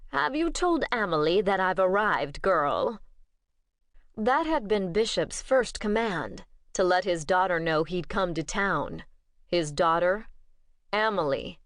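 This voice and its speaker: Female audiobook narrator, lowish voice, dry studio sound. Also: dry recording. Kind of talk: scripted narration.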